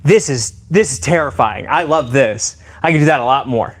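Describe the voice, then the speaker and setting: A man live-streaming a demonstration of improvised weapons. He talks to his chat in an excitable, playful way. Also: medium pitch, moderate pace. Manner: excitable and playful, addressing viewers directly.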